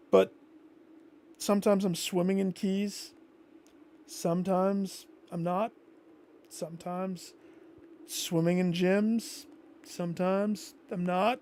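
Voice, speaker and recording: A man streaming a video game, thinking out loud and talking to himself and his viewers as he plays. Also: sits high, little pitch movement, takes it slowly, long pauses, a little hiss or hum. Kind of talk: gameplay commentary.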